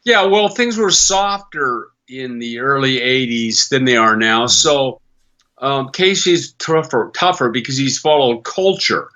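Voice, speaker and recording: Bright-voiced older voice actor. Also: male voice, medium pitch, measured pace, dull audio. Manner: animated storyteller who slips into character voices. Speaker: voice actor guest. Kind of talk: podcast interview.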